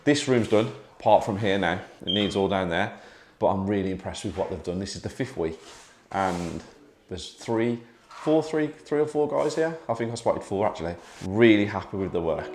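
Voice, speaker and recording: A British man chatting casually in a vlog, upbeat and joking, talking in quick bursts. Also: on the low side, lively intonation, darkish tone, slight background noise. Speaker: property investor vlogger.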